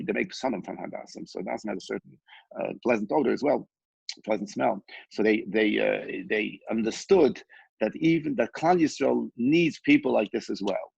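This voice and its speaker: A man's voice: medium pitch, vocal fry, breathy edge, no echo. A man giving a Torah lesson, telling a story with frequent restarts. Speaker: Torah teacher. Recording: dull, dry lo-fi recording.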